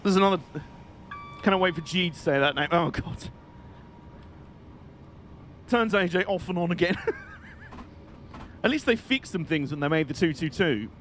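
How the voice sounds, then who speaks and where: A man giving excitable, jokey, mock-outraged live commentary while streaming a game. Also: high voice, normal speed, long pauses, a little hiss or hum.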